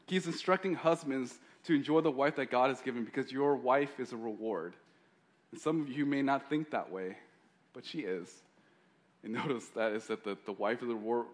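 A male pastor preaching a sermon in a joking, conversational way. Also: mid-range voice.

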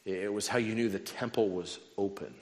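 A male pastor with a fairly low voice preaches to a congregation, mixing dry, self-mocking humor into his sermon. His words ring out with a long reverb, as in a large church sanctuary. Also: moderate pace. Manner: humorous storytelling with wry asides.

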